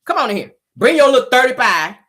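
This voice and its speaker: A woman voicing an irritated, greedy male lawyer who takes a client's money without caring, in a flat, dismissive, lower voice. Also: fast talker, heavily acted.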